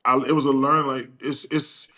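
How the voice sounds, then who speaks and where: An older man telling stories as a guest in a casual chat, acting out quoted dialogue with lively energy. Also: medium pitch, moderate pace. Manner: animated, acts out quoted dialogue.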